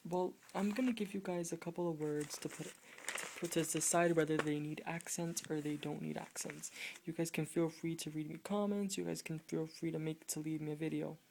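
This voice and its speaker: In a casual video lesson, this Spanish tutor says each example word several times over and puts quiz questions to her viewers. She speaks with a lowish, dark voice, and there's slight background noise.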